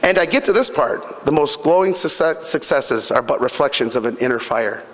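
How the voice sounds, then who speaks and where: A middle-aged man's mid-range voice, lively in intonation and at normal speed, carries through a hall with long reverb. Invited to speak at a fundraising breakfast, he motivates the audience with earnest personal stories, repeating himself and using many fillers.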